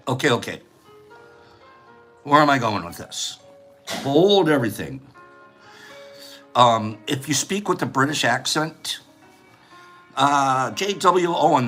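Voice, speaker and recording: A man's voice: mid-range voice, lively intonation, takes it slowly, pauses often, pushed and bright, soft background music. A man hosting a casual livestream, playful and laughing often as he reads viewer comments aloud. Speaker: livestream host. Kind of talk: casual chat.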